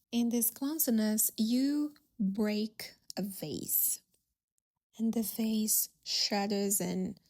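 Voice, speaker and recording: A woman hosting a solo podcast, telling a story in a gentle, reflective way. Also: fairly high pitch. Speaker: podcast host.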